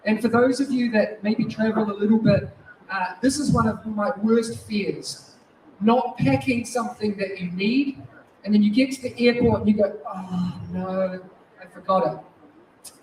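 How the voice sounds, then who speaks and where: A man in his forties from New Zealand with a New Zealand accent, giving a lively, restless conference keynote in a large hall. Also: high-pitched, normal speed. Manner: lively, restless, moves around while talking. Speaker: keynote speaker. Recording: echoey hall, distant mic, faint noise.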